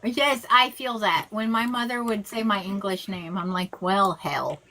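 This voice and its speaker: A woman rabbi co-hosting a casual chat, sardonic, with quick comebacks and Yiddish slang. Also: a little high, steady tone, pushed and bright. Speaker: rabbi and co-host.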